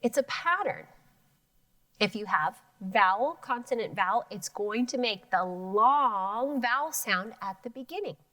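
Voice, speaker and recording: A woman's voice: on the high side, expressive, unhurried, pushed and bright. A woman teaching an elementary phonics lesson, sounding out words syllable by syllable.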